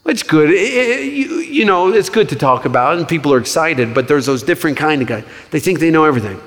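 Man preaching in a reverberant hall. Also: on the high side. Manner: conversational, animated storytelling with quick asides. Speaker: pastor. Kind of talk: sermon.

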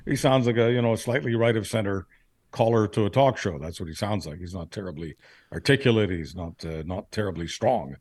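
A man giving blunt political commentary in casual podcast chat, measured with frequent fillers. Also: on the low side, darkish tone, breathy edge, no room sound, studio quality.

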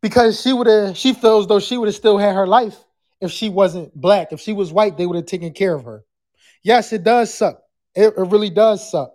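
A podcast host chatting live with callers and the chat, loud and profane, sometimes breaking into screams. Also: medium pitch, moderate pace.

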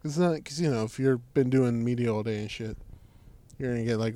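A man co-hosting a casual, crude podcast, talking in a low-key deadpan mumble with plenty of swearing. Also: moderate pace, dry recording. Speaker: podcast co-host.

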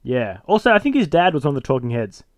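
A man co-hosting a casual podcast chat, excitedly retelling scenes and acting out the characters' lines with frequent laughter. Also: medium pitch, fast talker, no echo, studio quality. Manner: animated retelling of a show, acting out quoted lines, laughing often. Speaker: podcast co-host.

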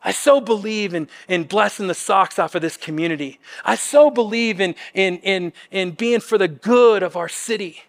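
Earnest high-voiced pastor preaching. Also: male voice, normal speed, hardly any pauses. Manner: earnest, conversational, with frequent restarts. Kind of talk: sermon.

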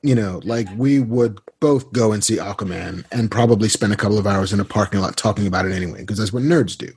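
A man guest on a podcast, telling casual anecdotes in a laid-back, self-deprecating way and acting out a friend's lines in a higher voice. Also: fast talker, darkish tone, slightly rough. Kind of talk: casual interview storytelling.

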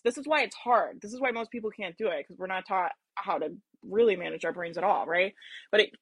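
Brisk, emphatic woman coaching entrepreneurs. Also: on the high side, fairly bright tone, no echo. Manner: emphatic, repetitive, acts out whiny thoughts, laughs at herself. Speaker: business coach. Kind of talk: motivational talk.

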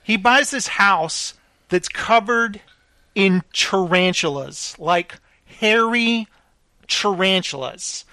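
A man casually telling a story on a talk show, animated and fond of acting out what people said. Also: sits high, slow, no room sound. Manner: animated, acts out quotes in put-on voices.

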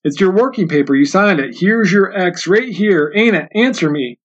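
A man voicing a cold, domineering storekeeper who bullies a boy with a contract, in a slightly high, dull lo-fi recording. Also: expressive, normal speed. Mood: menacing. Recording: dull lo-fi sound.

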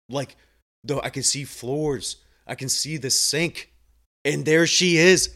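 Earnest, fast-talking man telling stories. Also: mid-range voice. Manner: earnest and emotional, swears casually, speeds up when excited. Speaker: home health nurse. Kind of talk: candid storytelling monologue.

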